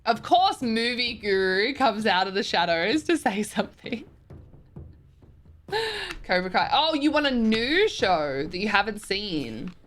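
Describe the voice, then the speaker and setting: A woman's voice: mid-range voice, lively intonation, normal speed, few pauses, fairly bright tone, faint music behind. A young woman streamer chatting casually as she reads and answers viewer messages, often giggling.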